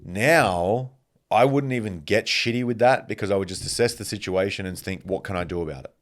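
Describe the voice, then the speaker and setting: A man hosting a podcast, telling stories in a casual, animated monologue and swearing freely. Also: on the low side, a little fast. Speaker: podcast host.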